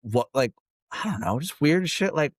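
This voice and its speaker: A man's voice: on the high side, lively intonation, normal speed, dry recording, studio quality. Laid-back young male podcast host. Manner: laid-back, says "dude" and "like" constantly. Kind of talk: casual chat.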